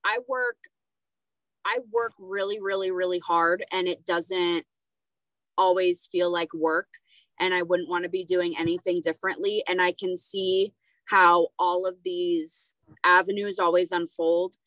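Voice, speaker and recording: A woman's voice: on the low side, steady tone, unhurried, fairly bright tone, dry recording, rough recording. Woman, podcast host, casual chat, hesitant with lots of fillers, dry sound. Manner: rambling, hesitant, many fillers. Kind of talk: casual conversational interview.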